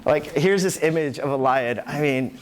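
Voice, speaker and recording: A man preaching a sermon as pastor, animated, acting out the voices in the scripture he tells. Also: a little high, normal speed, crowd noise. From New York.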